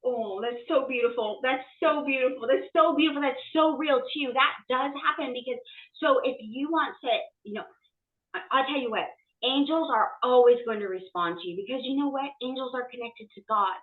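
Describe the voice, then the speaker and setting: A woman's voice: sits high, a little fast. Effusive woman on a tinny distant line. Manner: effusive, peppered with "you know", sudden excited gasps. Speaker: guest medium. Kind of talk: casual podcast chat. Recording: tinny phone-like, roomy and distant.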